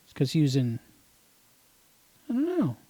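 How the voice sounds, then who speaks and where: A man hosts a podcast in a relaxed, thinking-aloud manner, often trailing off mid-thought. The recording is dry and close. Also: on the high side, measured pace, dry recording. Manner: musing and hesitant, trailing off. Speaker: podcast host. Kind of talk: casual podcast chat.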